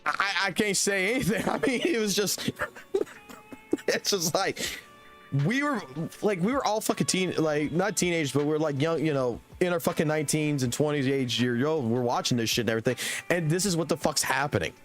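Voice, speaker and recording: A man's voice: a little high, fairly quick, a bit bright, soft background music. A man in his twenties telling a rambling, profane anecdote on his live stream, laughing as he goes. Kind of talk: casual storytelling on a live stream.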